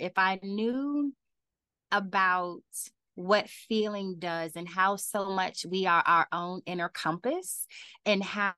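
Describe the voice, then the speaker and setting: A woman author answering podcast interview questions, talking animatedly and laughing often, her voice leaping up when she gets excited. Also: medium pitch, no room sound. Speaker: author and guest.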